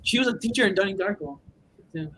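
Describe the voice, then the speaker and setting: Brief: male podcast co-host, notably high voice, easygoing, quick to laugh. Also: lively intonation, fairly bright tone, slight background noise. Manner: laughs easily, quotes scenes. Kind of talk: casual chat.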